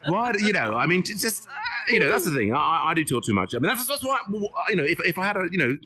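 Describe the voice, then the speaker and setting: Excitable fast-talking comedian man. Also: high-pitched, a crowd in the background. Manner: excitable, self-mocking, chatty. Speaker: comedian hosting a comedy night. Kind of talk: rambling improvised stand-up. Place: virtual reality social space. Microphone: VR headset mic.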